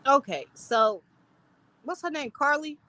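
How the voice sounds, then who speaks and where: A woman's voice: high-pitched, lively intonation, measured pace, pushed and bright, low-quality recording. A woman co-hosting a podcast, telling stories bluntly and animatedly in casual chat and swearing. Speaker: podcast co-host.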